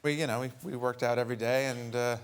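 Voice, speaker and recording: A man's voice: medium pitch, fairly even intonation, quick pace. A man telling rambling, self-deprecating anecdotes as a guest on a talk show. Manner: wry, self-deprecating storyteller. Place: TV studio with live audience. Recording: loud background noise and audience laughter.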